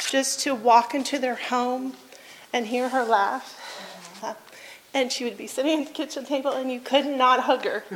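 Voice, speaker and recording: Slow, reflective woman giving a tribute. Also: on the high side, a little hiss or hum, rough recording. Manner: slow and reflective, with many pauses and fillers. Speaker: church member giving a eulogy. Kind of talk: halting memorial tribute.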